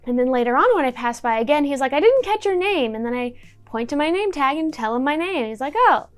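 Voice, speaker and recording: A woman's voice: high-pitched, fast, clean tone, soft background music. A young woman in a casual storytime vlog, chatty and wry, swearing freely while she tells what happened, filmed at home on a camera mic. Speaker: YouTuber telling a story.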